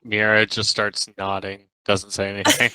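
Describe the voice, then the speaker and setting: A man's voice: lowish voice, completely flat delivery, moderate pace, pushed and bright, clear, resonant tone, no echo, low-quality recording. A man playing a tabletop role-play, briefly describing his character's actions in a matter-of-fact way. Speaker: player.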